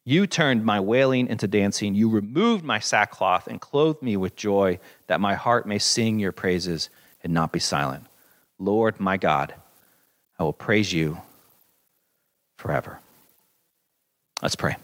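A man's voice: on the low side, animated, unhurried. A man preaching a sermon as pastor, earnest and reflective, reading scripture with rising emphasis.

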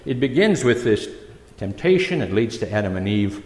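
Male visiting preacher, lower voice, chatty and halting, echoey church. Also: big pitch swings, darkish tone. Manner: conversational, halting, with many restarts. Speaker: guest preacher. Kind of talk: sermon.

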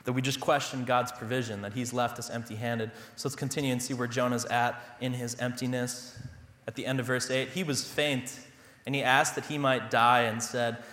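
A man's voice: medium pitch, fairly bright tone, reverberant, big-room sound. A young adult man, a pastor, preaching a sermon in a conversational way, with self-deprecating humor and personal stories. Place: church sanctuary.

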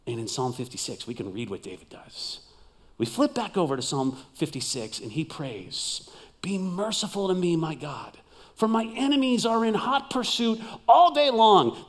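A male pastor preaching a sermon with dramatic delivery, swinging from loud emphasis to near whispers. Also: high-pitched.

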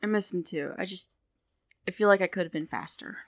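A woman's voice: fairly low pitch, a little fast, no room sound. A woman playing a frustrated, guilt-ridden young healer with powers in a tabletop game. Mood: regretful. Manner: frustrated, self-blaming.

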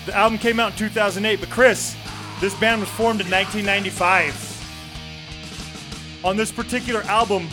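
Host: man with a slightly higher voice, easygoing, stumbles on names, faint music behind. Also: fairly even intonation, a little fast, pauses often. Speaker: show host. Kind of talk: casual radio-style chat.

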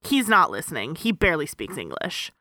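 Animated teasing co-host, woman, lively pitch, bright tone. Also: no room sound, clean studio sound. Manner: animated, teasing, quick to correct. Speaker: podcast co-host. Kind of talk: casual chat.

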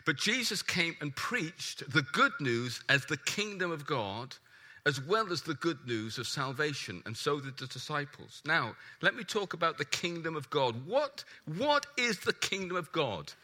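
A man preaching a sermon, emphatic and animated, putting questions to the congregation. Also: fairly high pitch, measured pace.

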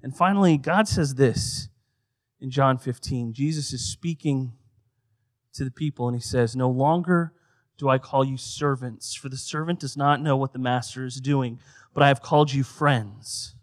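A man preaching a sermon, swinging between loud emphatic lines and quiet, soft passages. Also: mid-range voice, moderate pace. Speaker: pastor.

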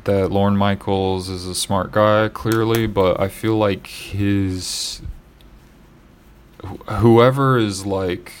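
A man co-hosting a casual podcast chat and reading news items aloud, halting with fillers and restarts. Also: fairly low pitch, fairly even intonation, clear, resonant tone. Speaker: podcast co-host.

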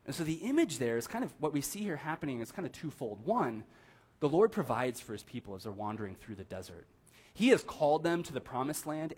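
A young pastor with a husky voice gives a casual sermon in a church sanctuary, addressing the congregation as if chatting with friends. He often asks the room "right?" and acts out the people he quotes with lively, animated pitch swings.

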